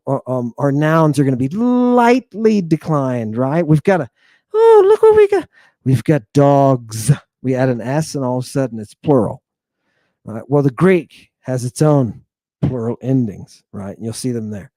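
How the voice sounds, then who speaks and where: Lively man teaching Greek, dark dry voice. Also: mid-range voice, a little slow, no room sound. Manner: animated, blunt, talks to viewers and a helper. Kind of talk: casual lecture over slides.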